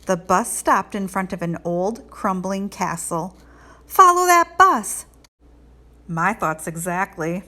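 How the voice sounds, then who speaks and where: A woman reading a children's picture book aloud in an expressive, lilting storytelling way. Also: lowish voice, measured pace, hardly any pauses. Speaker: read-aloud host.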